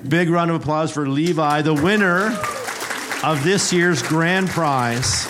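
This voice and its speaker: A man preaching a sermon, teaching a Bible word through a joking game-show routine, playful and teacherly, often repeating himself. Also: lowish voice. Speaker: pastor.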